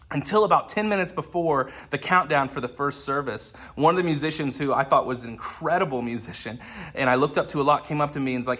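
A man's voice: medium pitch, a bit bright, slightly rough. A man in his thirties preaching a sermon in a conversational, earnest way with light humor. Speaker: pastor.

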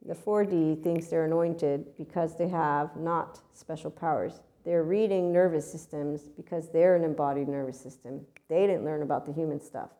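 A woman's voice: low-pitched, steady tone, moderate pace, few pauses, warm tone. A woman spiritual teacher giving a channeled talk, blunt and swearing, acting out other people's voices as she goes.

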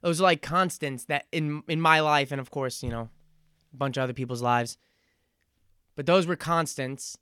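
A man in his twenties hosting a solo podcast, talking in an earnest, reflective and halting way. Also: fairly high pitch, bright, forceful tone, clear, resonant tone, dry recording, clean studio sound. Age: 20s. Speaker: podcast host. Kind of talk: casual solo podcast monologue.

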